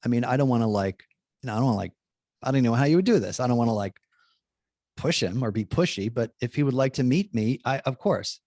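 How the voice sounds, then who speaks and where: A man of middling pitch spins a lively personal story, chatty and full of fillers and self-corrections, slipping into the voices of the people he quotes. He sounds like a Jesuit priest talking as a guest, recorded close and dry with no room sound. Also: quick pace, no echo. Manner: chatty, many fillers and restarts, acts out dialogue. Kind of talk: animated anecdote telling.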